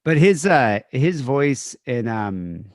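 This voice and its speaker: A man's voice: mid-range voice, big pitch swings, takes it slowly, no echo, studio quality. Sweary man in loose podcast chat. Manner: rambling, heavy swearing, trailing off mid-sentence. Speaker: podcast co-host.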